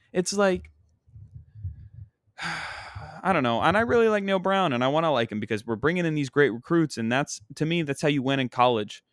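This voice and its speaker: A man's voice: on the high side, dry recording, studio quality. A young man, a comedian hosting his own podcast, chatting casually and venting in a rambling, exasperated way as a sports fan. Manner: rambling, exasperated sports-fan venting with frequent "you know what I mean". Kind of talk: casual solo podcast chat.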